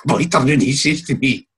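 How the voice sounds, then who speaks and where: A Scottish man in casual chat, telling animated anecdotes and acting out the people in them. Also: mid-range voice, breathy edge. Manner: broad, animated storytelling with acted quotes.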